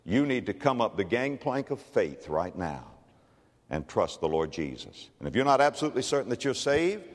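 A man preaching a dramatic evangelistic sermon, swinging from shouts to hushed tones. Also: medium pitch, big pitch swings, normal speed, in a large hall.

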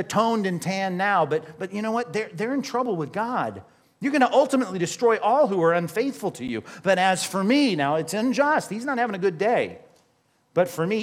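A male pastor preaching a sermon, animated and emphatic, rising and falling as he drives points home. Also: sits high.

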